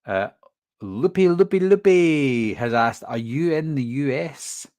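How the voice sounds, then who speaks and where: Casting: Glasgow-accented man hosting a live stream, chatty, medium pitch, dry close sound. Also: animated, slow, a little mellow, no echo. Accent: Glaswegian Scottish, toned down. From Scotland. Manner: chatty, reads viewer questions and answers them. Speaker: horror movie channel host. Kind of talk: casual live stream chat.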